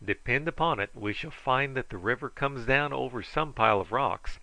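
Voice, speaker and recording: A man voicing a thoughtful grown doctor who calmly reasons things out. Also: medium pitch, normal speed, no room sound, low-quality recording. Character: thoughtful grown male doctor, calm and sure.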